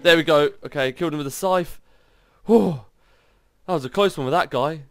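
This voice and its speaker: A man commenting on his video game play in an excitable, exclaiming way. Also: on the high side, moderate pace, clear, resonant tone, no echo. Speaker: gaming channel host. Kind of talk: gameplay commentary.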